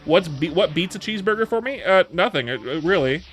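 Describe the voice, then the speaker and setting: A man's voice: sits high, expressive, a little fast, fairly bright tone, breathy edge, faint music behind. A man in his thirties chatting casually on a livestream, answering viewer questions in a rambling way with many restarts and repeated words. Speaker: streamer.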